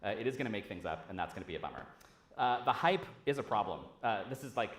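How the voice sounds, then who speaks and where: A man on stage giving a conference talk in a loose, animated way, cursing freely. His voice carries the roomy ring of a large lecture hall. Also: lowish voice, quick pace. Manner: casual, animated, swears freely. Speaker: conference speaker.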